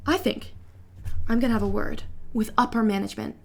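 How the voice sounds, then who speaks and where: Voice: mid-range voice, a little fast, vocal fry, faint music behind. A woman voicing an angry male crime boss who scolds a careless underling in a tabletop game. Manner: shouting, scolding. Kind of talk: tabletop game role-play.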